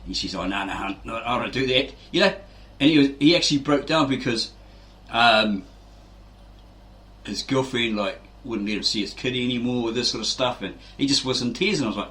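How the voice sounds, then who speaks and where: A man's voice: mid-range voice, fairly quick, a bit bright. A man giving a casual, rambling explanation as a fitness channel host, tagging lines with "right?" and acting out quotes. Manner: rambling, keeps asking "right?", acts out quotes.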